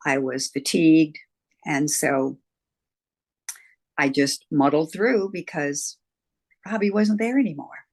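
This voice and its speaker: Older woman, low-voiced earnest storyteller. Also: slow, long pauses, a little mellow. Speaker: guest. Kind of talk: interview storytelling.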